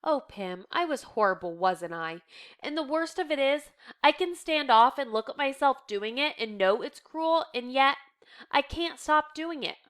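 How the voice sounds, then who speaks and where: A woman's voice: sits high, expressive, unhurried, a bit bright, voice pushed up. A woman voicing a frightened, defiant teenage girl in an earnest, pleading read.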